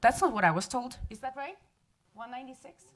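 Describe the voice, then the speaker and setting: Emotional, higher-pitched woman pleading. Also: very animated, a bit bright. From from another place. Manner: emotional, pleading, halting with many restarts. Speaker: resident giving public comment. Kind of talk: public comment at a council meeting. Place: city council chamber.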